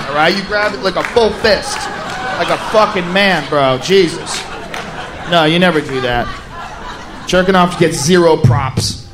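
A young man with a rather high voice tells crude, profane stories on a comedy stage. His delivery is animated and blunt. Crowd laughter and room noise come through around him. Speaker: stand-up comedian. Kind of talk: stand-up comedy set. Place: comedy stage before an audience.

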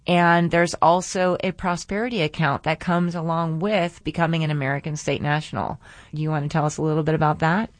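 A woman's voice: low voice, steady tone, fairly quick, no room sound. A woman hosting a faith-based radio talk show, earnest and a little preachy as she draws lessons from scripture.

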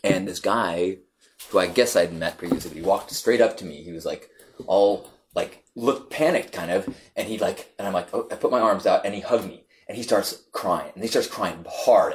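A man in a casual conversation, telling a long story with many restarts and repeated words that turns animated as it goes. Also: on the low side.

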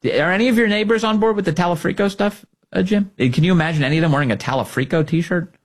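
A middle-aged man hosting a talk radio show, delivering mocking, sarcastic political commentary in an animated way. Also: high-pitched, fast.

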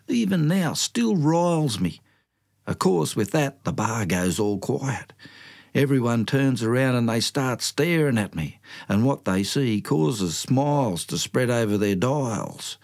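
A man's voice: medium pitch, animated, measured pace, a little mellow. An older man with an Australian accent tells a story from his youth in a colloquial, self-mocking way. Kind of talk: spoken storytelling.

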